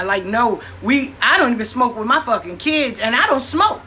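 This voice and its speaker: A woman's voice: mid-range voice, moderate pace, hardly any pauses, slight background noise. A woman, talking in a blunt, profane, storytelling monologue and acting out what people said. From New York. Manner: blunt, profane, animated with acted-out quotes. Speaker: host.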